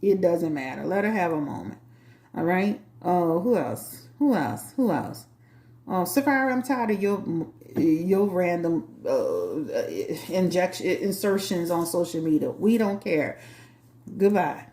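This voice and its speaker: Sassy new orleans lady hosting a tarot channel, lowish mellow voice, echoey room. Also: big pitch swings, unhurried. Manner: blunt, sassy and chatty. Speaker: tarot reader and channel host. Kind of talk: casual talk to a live chat.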